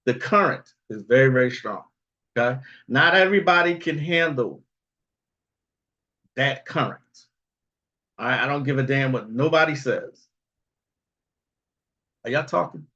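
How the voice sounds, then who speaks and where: A man's voice: medium pitch, measured pace, long pauses, sharp tone, dull audio. A man hosting a livestream in casual, rambling talk, chuckling often and tagging lines with "okay?" and "all right?". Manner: rambling, frequent chuckles, tag questions. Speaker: livestream host.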